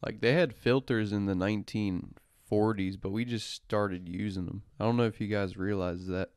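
A man's voice: lowish voice, fairly even intonation, moderate pace, darkish tone, clear, resonant tone, no room sound, clean studio sound. A young man hosting a podcast, rambling crudely and joking as he drifts between topics. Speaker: podcast host. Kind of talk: casual rambling commentary.

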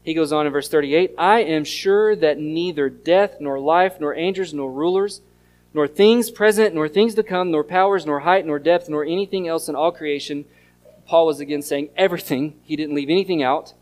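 A pastor, preaching an earnest sermon that mixes scripture reading and storytelling. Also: male voice, fairly high pitch, moderate pace, darkish tone. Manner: earnest teaching tone, reads scripture aloud and tells stories.

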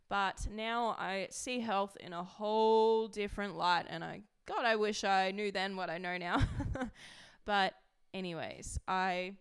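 A woman's voice: medium pitch, a bit bright, clean tone. A young woman hosting a podcast, talking candidly and emotionally about her past, with frequent "like" fillers. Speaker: podcast host. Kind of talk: candid personal monologue.

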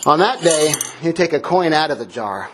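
A man, a father of four, preaching a lively sermon with a playful, joking storytelling manner. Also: on the high side, normal speed, background noise. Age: adult parent. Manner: playful, jokey storytelling with laughs. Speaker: pastor. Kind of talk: sermon object lesson.

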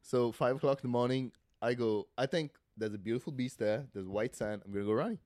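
A man's voice: mid-range voice, brisk, darkish tone, no room sound. Young guy from india rambling thru a story, lots of likes and uhs, dry sound. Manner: rambling storyteller, many fillers. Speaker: guest. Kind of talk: casual podcast chat.

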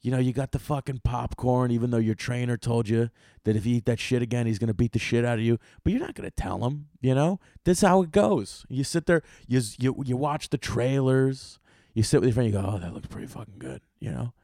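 Young male solo podcaster, profane and animated, mid-range voice, dry and close-miked. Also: mid-range voice, brisk, no echo. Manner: profane, animated, swings from loud outbursts to muttering. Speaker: podcast host.

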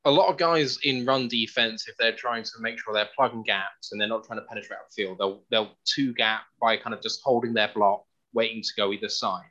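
A man's voice: fairly low pitch, fairly even intonation, brisk, pushed and bright, dull audio. A man co-hosting a sports podcast, explaining his analysis in careful detail. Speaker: podcast co-host.

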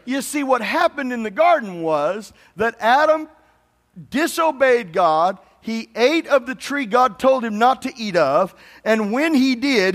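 High-pitched preacher guy in a big echoey church, keeps calling for amens. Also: fairly bright tone. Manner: call-and-response preaching, prompts congregation to say amen. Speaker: pastor. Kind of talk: sermon. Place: church sanctuary. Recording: long hall reverb.

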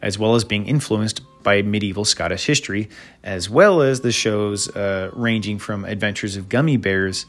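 Male host, slightly low voice, casual chatty monologue, rambles and throws in side comments. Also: moderate pace. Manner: rambling with asides and fillers.

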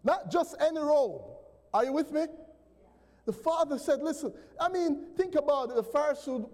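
A man preaching a sermon as pastor, animated and calling out to the congregation. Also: extremely high pitch, normal speed. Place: church sanctuary. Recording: long church reverb.

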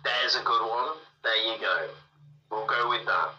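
Man, tabletop player, very bright tone, dull lo-fi sound, deadpan joking. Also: fairly low pitch, unhurried. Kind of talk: casual tabletop role-play.

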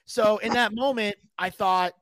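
A man casually telling a story, animated, swearing freely and shouting out the lines he quotes. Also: sits high, a little slow, dry recording. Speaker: podcast guest telling a story.

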